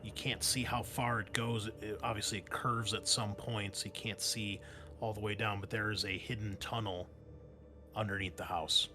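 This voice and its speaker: A man's voice: on the low side, level tone, moderate pace, music in the background. A man narrating as game master of a tabletop role-playing game, casual, with many fillers and restarts.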